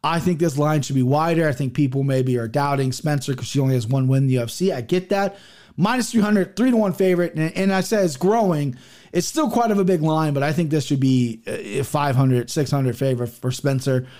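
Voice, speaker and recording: A man's voice: a little high, a little fast. Profane, rambling male fight bettor. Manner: profane, rambling, animated, with many restarts. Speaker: MMA betting picks host. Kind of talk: casual solo picks show.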